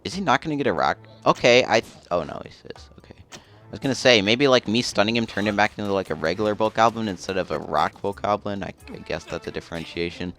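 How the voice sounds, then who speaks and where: A man's voice: on the low side, quick pace, fairly bright tone, soft background music. A man casually commenting as he plays a video game, rambling and chatty. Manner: rambling, chatty, often laughing. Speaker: let's play host.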